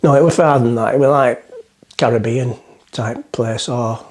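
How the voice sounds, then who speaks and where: A man's voice: mid-range voice, normal speed, darkish tone. A middle-aged man, rambling through a joke as he talks to the camera from the front of a boat. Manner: rambling, self-mocking, chatty. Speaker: vlogger. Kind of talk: casual chat to camera, joke-telling.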